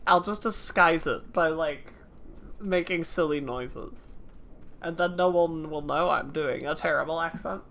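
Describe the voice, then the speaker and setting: A woman's voice: low-pitched, unhurried, gravelly, a bit bright, a little hiss or hum. A woman streamer chatting playfully and self-deprecatingly while she plays a story game. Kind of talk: casual gameplay commentary.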